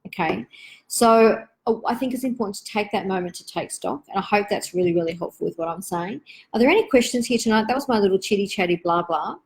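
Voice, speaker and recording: A woman, hosting a live online Q&A for parents in a gentle, reflective, chatty way with many asides. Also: medium pitch, quick pace, low-quality recording.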